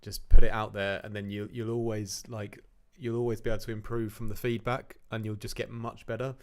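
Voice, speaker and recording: A man's voice: lowish voice, flat delivery, a little fast, a little mellow, clean tone. A man hosting a livestream, giving chatty, encouraging feedback on remixes with frequent restarts. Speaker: livestream host reviewing remixes. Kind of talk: casual livestream commentary.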